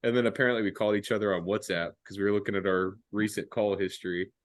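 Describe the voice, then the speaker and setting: A man's voice: fairly low pitch, fast, no room sound, clean studio sound. Profane young man telling a story. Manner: profane, animated storytelling with acted-out quotes. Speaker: podcast host. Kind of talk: casual storytelling chat.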